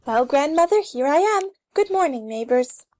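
A woman's voice: high voice, expressive, moderate pace, a little mellow. A woman playing a vain, flustered young girl who stammers and hesitates. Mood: girlish. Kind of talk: amateur play reading.

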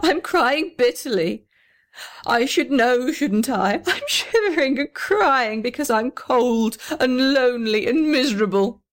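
Storybook: lonely, sobbing little house, high and slow, a woman reading. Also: lively intonation. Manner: weepy, wailing, self-pitying.

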